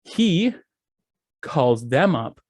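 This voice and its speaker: A young man and podcast host in casual chat, telling an animated, profane story and acting out the dialogue. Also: on the high side, drawn-out words, slightly rough, no echo, clean studio sound. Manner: animated storytelling, acts out dialogue, swears freely.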